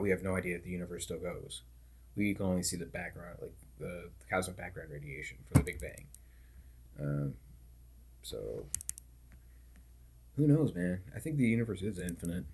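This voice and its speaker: A man's voice: low-pitched, breathy edge. A man streamer chatting casually and rambling while he plays a game, full of "like" and "dude". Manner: laid-back, loose talk full of "like" and "dude". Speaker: gaming streamer.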